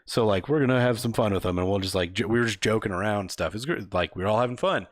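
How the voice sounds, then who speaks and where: A young man co-hosting a podcast, telling a work story in casual, profane chat, laughing often and acting out quotes in a higher voice. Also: very fast, no echo, studio quality. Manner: laid-back, swears a lot, laughs often, acts out quotes in higher voices. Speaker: podcast co-host.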